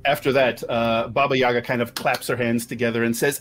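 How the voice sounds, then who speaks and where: A man narrating a tabletop game as game master, unhurried and expressive. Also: medium pitch, soft background music. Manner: unhurried, expressive, many fillers.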